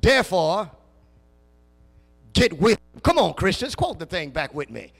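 High bright voiced preacher man, aave, slow call and response, shouts then drops low, big church reverb. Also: very animated, creaky. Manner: swings from loud shouted calls to low quiet asides. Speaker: pastor. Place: church sanctuary. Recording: long hall reverb.

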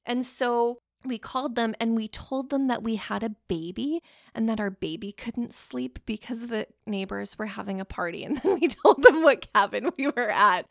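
A woman from Canada hosts her podcast alone, telling stories in a loose, rambling way. She swears freely and pokes fun at herself, and her voice sits a little high. The sound is close and dry, with no room around it. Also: normal speed, creaky, no room sound. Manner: chatty, rambling, profane, laughs at herself. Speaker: podcast host. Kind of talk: casual storytelling monologue.

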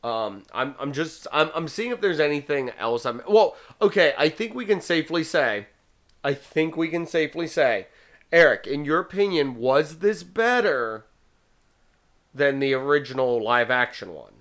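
Bright-voiced male podcast host. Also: on the high side, animated, normal speed. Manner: rambling, repeats words often. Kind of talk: casual podcast chat.

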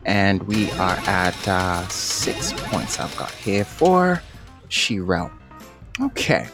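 A man hosting a playful tongue-twister game on a video call, upbeat and quick to laugh. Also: music in the background. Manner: upbeat, laughs often, very lively pitch. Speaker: host. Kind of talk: game show banter.

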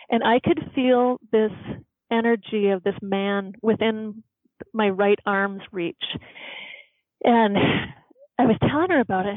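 A woman's voice: medium pitch, measured pace, no room sound. Woman telling a story over a tinny line. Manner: earnest, animated storytelling with laughs. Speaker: podcast guest, doctor. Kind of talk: storytelling in an interview. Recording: tinny phone-like line, dry.

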